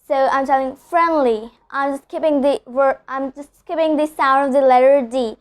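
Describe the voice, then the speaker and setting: A woman from India teaching pronunciation rules, repeating example words slowly and often saying "so" and "okay". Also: sits high, fairly even intonation.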